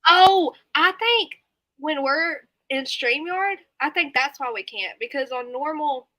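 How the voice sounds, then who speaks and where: A bright, high-voiced woman with a drawl chats late at night on a live stream from her home. She reads viewer comments aloud and breaks into giggles and snorting laughs. The sound is dry and close. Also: expressive, a little slow, no echo, rough recording.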